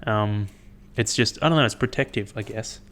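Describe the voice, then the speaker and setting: A young man hosting his own podcast, chatting in a rambling, profane, animated way as he tells stories. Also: fairly low pitch, normal speed. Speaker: podcast host. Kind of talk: casual solo podcast chat.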